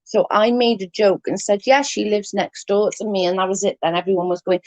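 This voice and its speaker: A woman's voice: mid-range voice, steady tone, fairly quick, few pauses, no room sound. A woman chatting casually on a livestream, rambling and swearing freely while answering comments. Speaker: livestream host.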